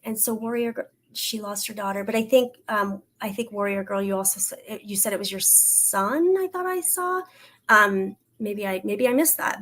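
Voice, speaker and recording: A woman working as a psychic medium, doing a livestream reading and Q&A, talking in a soft, reassuring way with frequent pauses, fillers and restarts. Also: medium pitch. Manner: hesitant, halting, many fillers and restarts.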